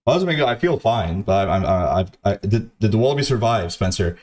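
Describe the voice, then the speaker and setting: A man's voice: on the low side, expressive, fairly quick, darkish tone. A man streaming to his chat, telling a story in a casual, profane, rambling way, stammering through restarts and swearing a lot.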